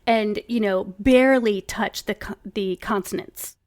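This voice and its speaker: A woman's voice: mid-range voice, unhurried, darkish tone. A woman singer guesting on a podcast, chatting casually with lots of swearing and filler words. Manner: profane, enthusiastic, full of fillers. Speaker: singer and performer.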